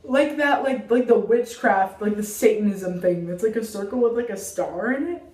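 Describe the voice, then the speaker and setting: A young woman telling a childhood story in a casual storytime vlog, dramatic and animated, saying "like" constantly. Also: mid-range voice, normal speed. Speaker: vlogger. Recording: roomy, mic at a distance.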